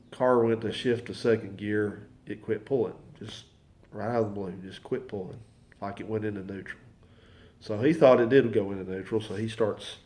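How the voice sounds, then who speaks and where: Rambling man, low voice. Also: a little mellow. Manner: rambling, folksy, repeats himself. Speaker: mechanic and channel host. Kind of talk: casual storytelling to camera. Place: home garage.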